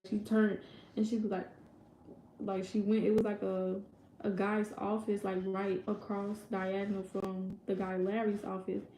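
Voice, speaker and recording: A woman's voice: medium pitch, level tone, measured pace, dark tone, slight background noise. A young woman telling a personal story in a casual, rambling way, full of fillers and quoted voices. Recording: echoey room.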